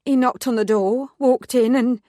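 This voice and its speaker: A woman's voice: a little high, fairly even intonation, normal speed, warm tone, no echo, clean studio sound, pitched above the performer's own voice, natural voice. A woman voicing an effusive, gossipy village woman in her mid-forties in an audiobook. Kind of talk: audiobook character voice.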